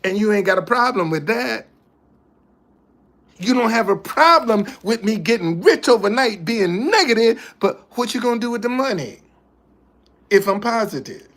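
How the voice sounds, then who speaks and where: A man's voice: high voice, lively intonation, moderate pace, a bit bright. A man hosting a casual livestream, speaking in an emphatic, preachy way that keeps repeating its points. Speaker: livestream host.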